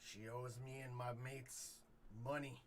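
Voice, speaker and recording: A man voicing a loud, angry one-eyed thug who yells threats, over steady background noise. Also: medium pitch, unhurried, natural voice. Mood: menacing. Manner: yelling, threatening, gruff. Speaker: game master.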